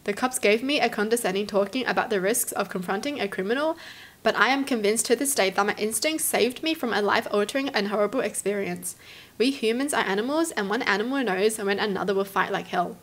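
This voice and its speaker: A young woman from Australia, hosting and reading stories aloud, then reacting to them with animated exclamations. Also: medium pitch, a little fast. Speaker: host.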